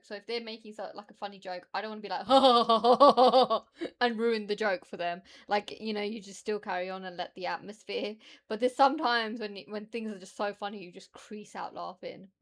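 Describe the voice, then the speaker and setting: A woman's voice: mid-range voice, fairly quick, few pauses. A British woman streamer chatting casually and rambling, laughing often as she reacts to her chat.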